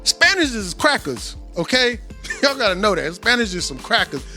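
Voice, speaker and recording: Forties male podcast host, high bright voice, profane animated storyteller, faint music behind. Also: normal speed. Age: 40s. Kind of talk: casual podcast monologue. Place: home recording studio.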